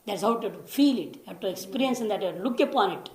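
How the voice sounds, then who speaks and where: A woman teaching scripture, explaining patiently, repeating key words and slowly chanting Sanskrit lines. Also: medium pitch, lively intonation, echoey room. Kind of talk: lecture on scripture.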